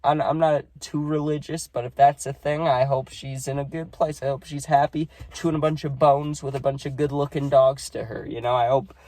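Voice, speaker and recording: A man's voice: mid-range voice, level tone, moderate pace, few pauses, a little mellow, no room sound. Subdued man with a dry close sound. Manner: rambling, with many fillers. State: sad, subdued. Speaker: vlogger. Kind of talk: casual vlog talk.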